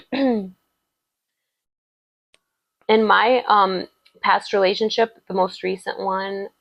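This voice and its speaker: On a muffled recording with no echo, a woman does a rambling tarot love reading in a creaky, medium-pitched voice. She's chatty and warmly affirming, filling her talk with "like" and other fillers.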